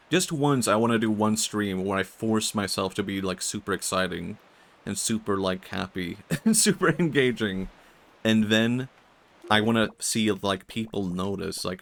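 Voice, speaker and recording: A man with a Swedish accent chatting in a low-key, monotone way while streaming a game. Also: moderate pace, creaky, soft background music. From Sweden. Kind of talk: casual gaming commentary.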